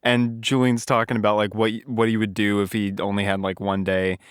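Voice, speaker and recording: A man's voice: on the low side, level tone, a little fast, smooth, no echo, studio quality. A man co-hosting a podcast, retelling movie scenes in casual chat with laughter. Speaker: podcast co-host.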